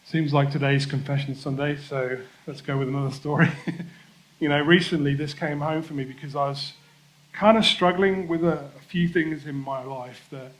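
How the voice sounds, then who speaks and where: Higher-voiced man preaching conversationally. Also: steady tone, normal speed, poor audio. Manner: conversational, self-deprecating preaching with asides. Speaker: pastor. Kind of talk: sermon.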